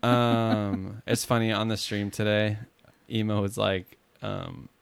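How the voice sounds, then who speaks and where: A man's voice: on the low side, flat delivery, takes it slowly, vocal fry, clean tone, dry recording. A man co-hosting a podcast, chatting casually and jokingly about movies, trailing off with fillers. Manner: rambling, jokey, trails off with fillers. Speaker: podcast co-host.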